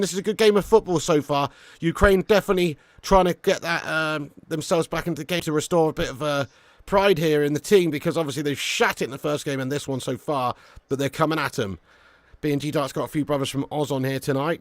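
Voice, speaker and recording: Chatty football watch-along host. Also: male voice, a little high, fairly quick, dry recording. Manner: chatty, swears, reads chat aloud, bursts into excited shouting on chances. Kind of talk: casual live-stream chat and commentary.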